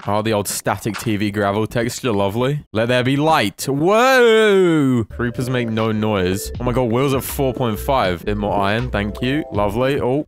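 A young man giving casual, self-deprecating commentary over his own gameplay, with sudden excitable outbursts. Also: lowish voice. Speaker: gaming YouTuber.

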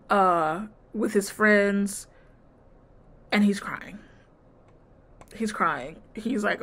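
A woman's voice: medium pitch, fairly bright tone. A woman vlogger giving a casual, sassy and blunt recap of a reality TV show, mimicking the cast as she goes. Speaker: TV review vlogger.

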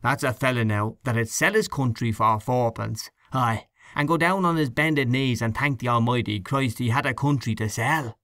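A man's voice: mid-range voice, moderate pace, hardly any pauses, fairly bright tone, dry recording, clean studio sound, close to an everyday voice. A man reading an audiobook, voicing a grumbling, gossipy male election canvasser with a scornful manner. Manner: scornful, complaining.

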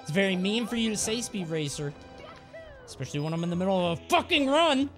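A man's voice: high-pitched, lively intonation, quick pace, fairly bright tone, faint music behind. A man streaming a game live, talking in a playful, sweary, jokey way. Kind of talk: live gameplay commentary.

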